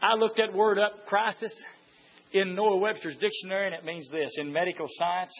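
A man preaching a fiery sermon, moving from quiet storytelling to high shouted exhortation. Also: fairly even intonation, moderate pace. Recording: dull lo-fi church recording.

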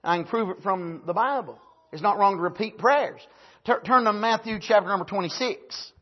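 A man preaching a sermon, husky, punctuating points with amens and building to emphatic, rising bursts. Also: high-pitched, moderate pace, lo-fi sound. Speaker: pastor.

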